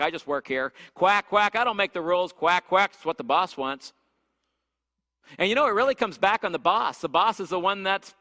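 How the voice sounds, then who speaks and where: A man with a high, sharp, bright voice gives a lively church teaching session. He keeps checking in with the room and asks "right?" again and again. His voice rings with a long echo through the hall. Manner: energetic, repeats "right?" to check in with listeners.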